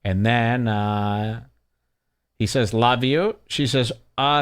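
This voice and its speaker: A man's voice: medium pitch, slow pace, clean tone. A man hosting a casual commentary show, reading posts aloud with sardonic asides and mocking quote voices. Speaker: show host.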